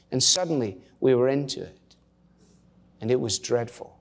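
A man's voice: mid-range voice, animated, moderate pace, creaky. A middle-aged male pastor preaching a sermon in a conversational, storytelling way with casual asides. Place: church. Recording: long church reverb.

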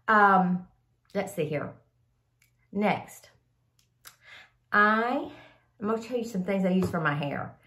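A woman's voice: medium pitch, lively intonation, slow pace, long pauses, fairly bright tone, reverberant. An older woman, chatting casually to camera about products she likes, a bit sniffly from a cold, rambling and calling viewers y'all. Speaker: vlogger sharing favorite products.

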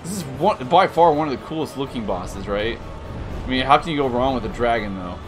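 A man streaming a game live, commenting casually and breaking into yells, groans and jokes as he plays. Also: mid-range voice, expressive, a little fast, music in the background.

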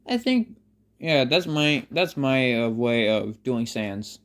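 Slow, rambling fan storyteller. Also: medium pitch, fairly bright tone. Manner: rambling, many fillers and self-corrections. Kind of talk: improvised fan story narration.

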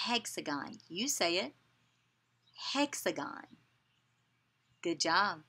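A woman teaching young children, slowly saying words for them to repeat and praising them with encouragement. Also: on the low side, bright, forceful tone, husky. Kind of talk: children's lesson, call and response.

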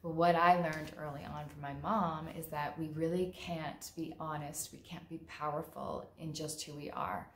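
A woman's voice: sits low, little pitch movement, normal speed, few pauses, slight background noise. A woman therapist speaking in a casual, frank and conversational way, acting out quoted lines vividly. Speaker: mental health therapist. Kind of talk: casual monologue talk. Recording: roomy echo.

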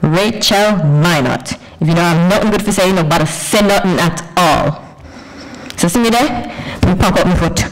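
A woman's voice: lowish voice, lightly acted, poor audio. A woman voicing her own sassy, blunt inner voice in a Jamaican patois accent. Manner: brash, teasing, quick retorts.

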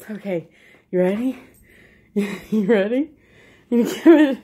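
A woman's voice: mid-range voice, expressive, a little slow, long pauses, a little mellow, breathy edge. A woman filming her dog and talking to it in a playful, coaxing baby-talk voice, with frequent laughter. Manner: sing-song and coaxing, laughs often.

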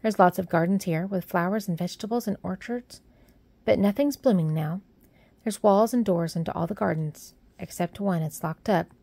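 A woman's voice: medium pitch, normal speed, gravelly, mellow, dry recording. A woman voicing a cheerful, plump young Yorkshire housemaid who talks in a friendly, plain-spoken way. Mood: chatty.

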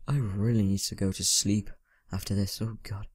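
A man's voice: lowish voice, little pitch movement, moderate pace, breathy edge. A teenage boy giving rambling, casual commentary over a video game, talking to himself and mumbling asides. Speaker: gaming channel host. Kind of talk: casual let's-play commentary.

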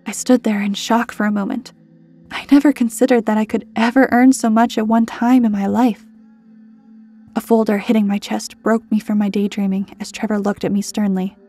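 A woman narrating a scripted horror story in a measured, even way. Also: medium pitch.

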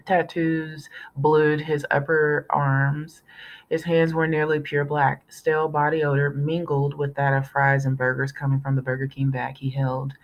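A woman reading a novel aloud in a steady storytelling manner, now and then correcting herself. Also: sits low, unhurried, highs cut off. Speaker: audiobook reader.

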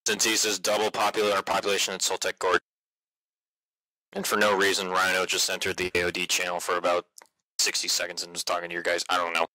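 Deep, forceful, blunt-talking man. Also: completely flat delivery, fast talker, dry recording, poor audio. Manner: blunt, profane and joking. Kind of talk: game voice chat.

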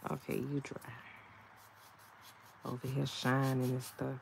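A woman chats casually while doing her nails at home, laughing often and talking to herself. Her voice sits low and gravelly, and she takes her time. A faint background hiss runs under the recording. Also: completely flat delivery, takes it slowly, pauses often, a little mellow. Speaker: nail vlogger. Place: home, indoors.

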